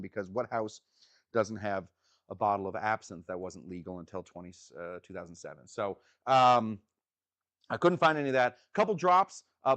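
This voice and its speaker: A man's voice: medium pitch, dry recording. A man hosting a cocktail show outdoors, talking in a rambling, chatty way and answering viewers' comments. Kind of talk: casual livestream chat.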